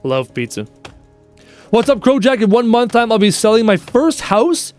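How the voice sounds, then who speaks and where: A man's voice: high voice, very animated, moderate pace, a little mellow, soft background music. A man live-streaming a game, chatting casually and reading out viewers' messages in a playful way. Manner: chatty, reads chat aloud, playful.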